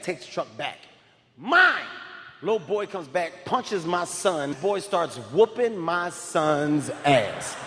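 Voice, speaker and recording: A man doing stand-up comedy, telling stories in a loud, animated way and often shouting. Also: fairly high pitch. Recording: live hall reverb, faint crowd ambience.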